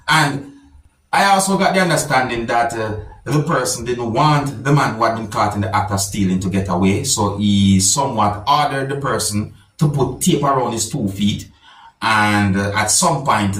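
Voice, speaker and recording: A man giving formal news-style commentary on a vlog, repeatedly addressing his viewers and subscribers. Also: mid-range voice. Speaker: vlogger. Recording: roomy, distant mic.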